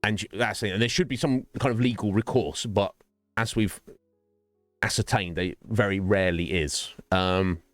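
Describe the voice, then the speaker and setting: A man's voice: fairly low pitch, moderate pace, no echo, studio quality, faint music behind. A man streaming a game, chatting casually in a rambling way and laughing often. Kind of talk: casual livestream chat.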